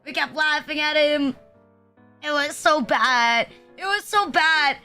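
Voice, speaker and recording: A woman's voice: sits high, takes it slowly, sharp tone, faint music behind. A young woman, rambling through a story in a casual chat stream and heaping fillers and self-deprecating asides as she goes. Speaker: VTuber streamer.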